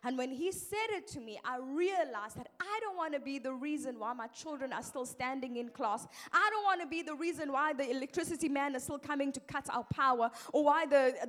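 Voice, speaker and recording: A middle-aged woman preaches with a lively, emphatic delivery. Her voice sits high, and she shifts it to act out the people she quotes. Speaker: pastor's wife preaching. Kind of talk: sermon.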